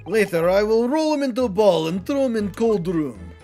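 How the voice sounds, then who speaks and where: A man's voice: high-pitched, very animated, normal speed, faint music behind, voice pushed up. A man voicing a suspicious, brusque male ship guard in a put-on Russian accent. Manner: loud, brusque, threatening.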